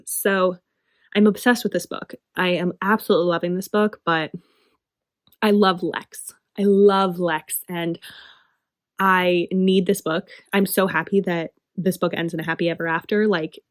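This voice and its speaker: A woman's voice: on the low side, fairly even intonation, normal speed, no room sound. A woman talking passionately and emphatically in a casual book review vlog, with frequent fillers. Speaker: book vlogger.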